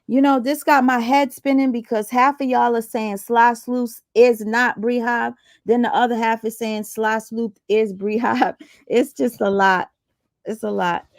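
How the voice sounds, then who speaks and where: A woman's voice: a little high, steady tone, measured pace, dry recording, clean studio sound. Questioning woman hosting a live panel. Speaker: live stream host. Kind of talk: heated casual panel chat.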